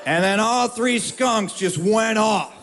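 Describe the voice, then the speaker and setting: A man telling a funny story to an audience, with wry, drawn-out comic timing. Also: high-pitched, a crowd in the background, noisy background.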